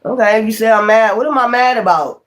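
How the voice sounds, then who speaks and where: High-voiced man ranting on a livestream. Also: a little fast, a bit bright. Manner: profane, confrontational, repeats himself. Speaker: tarot reader. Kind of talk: livestream rant.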